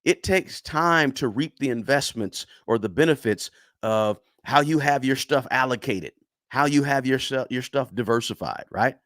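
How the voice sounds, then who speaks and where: A middle-aged man teaches on a casual livestream, leaning on repetition and checking in with "right?" as he goes. His voice sits at an ordinary middle pitch. The sound is dry and close, with no room echo. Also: moderate pace, a bit bright. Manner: repetitive, emphatic, tags lines with "right?"; chatty and encouraging toward viewers. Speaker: livestream host teaching investing. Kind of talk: casual livestream lesson, reading chat.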